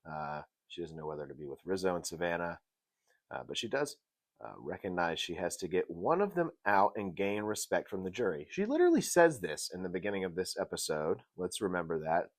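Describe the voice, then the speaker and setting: A man hosts a casual review show in a very low voice that still swoops widely in pitch. He is jokey and animated, jumping between loud outbursts and quiet mutters. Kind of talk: casual commentary.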